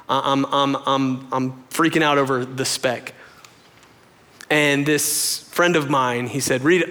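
A young adult man preaching a sermon, telling a personal story in an animated way and jumping up high in pitch when he acts out what people said. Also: slow. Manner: animated storytelling, voices quoted lines in a much higher pitch. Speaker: pastor. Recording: long hall reverb.

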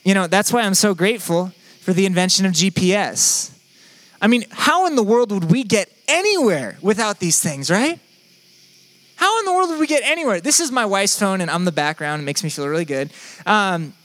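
A man's voice: high-pitched, lively intonation, normal speed, a bit bright, dry recording. A young man preaching a sermon in a conversational, playful, self-deprecating way. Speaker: pastor.

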